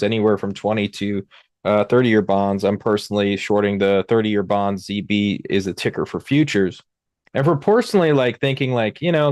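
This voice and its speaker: A man's voice: on the low side, no room sound, clean studio sound. A young adult man hosting a live market show, talking casually and rambling, with many fillers and restarts. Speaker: host. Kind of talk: casual livestream market talk.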